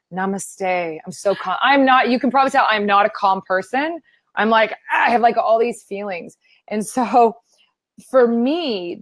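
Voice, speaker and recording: A yoga teacher appears as a guest in a casual interview, speaking in a mid-range voice with no room sound. She's animated and self-deprecating, playfully acting out her own inner voice.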